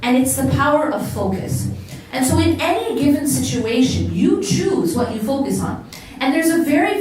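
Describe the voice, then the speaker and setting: A woman's voice: high-pitched, darkish tone, slight background noise. American woman lecturing in an echoey hall. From United States. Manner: questions the audience, repeats words for emphasis. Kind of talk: motivational religious lecture to a live audience. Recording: very echoey hall, distant mic.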